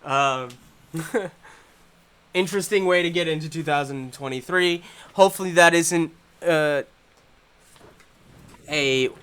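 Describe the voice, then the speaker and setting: A young man hosting a live stream, talking in a profane, rambling way that swings from loud angry ranting to low, muttered talk. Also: slow pace, pauses often, clean tone. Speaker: channel host.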